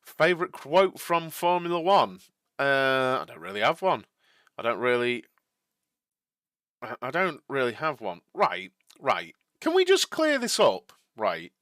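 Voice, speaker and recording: Chatty man with a lively, bright voice. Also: mid-range voice, unhurried, no room sound, clean studio sound. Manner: rambling, repeats himself, laughs easily. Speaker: streamer hosting a live watch-along. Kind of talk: casual live-stream chat, reading and answering viewers.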